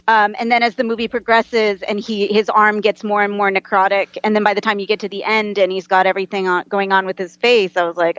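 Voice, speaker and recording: A woman's voice: medium pitch, little pitch movement, a little fast, few pauses, a bit bright, clear, resonant tone, dry recording, dull audio. A woman who is a guest on a podcast, chatting about a film in a thoughtful, conversational way. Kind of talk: casual podcast chat.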